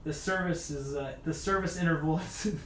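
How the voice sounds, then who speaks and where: Tired male streamer, mutters while wrenching, slightly high voice, echoey room with light hiss. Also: normal speed, a bit bright. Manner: chatty, mutters to himself while working. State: tired after hours of work. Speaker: mountain bike video creator. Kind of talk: casual livestream chat while wrenching. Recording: echoey room with faint noise.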